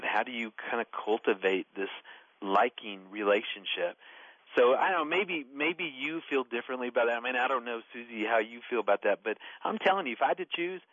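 A man in his forties, a radio talk guest, telling family stories in an animated way with bursts of laughter. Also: medium pitch, no echo. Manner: storytelling, animated and laughing while recounting. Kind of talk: radio talk about marriage. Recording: dull, dry radio studio sound.

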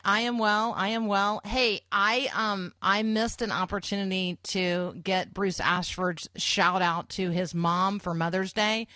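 A woman hosting a morning radio talk show, friendly and quick with some restarts. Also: mid-range voice, pushed and bright, no echo.

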